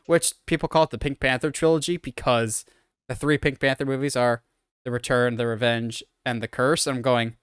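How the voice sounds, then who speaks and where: A man co-hosts a podcast, rambling through an opinionated film breakdown in casual chat. His mid-range voice is fairly bright, clear and resonant, with fairly even intonation at normal speed, in clean studio sound with no echo.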